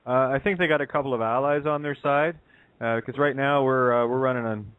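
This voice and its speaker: A man co-hosting a talk radio show, rambling and halting with many fillers. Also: mid-range voice, no room sound. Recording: phone line.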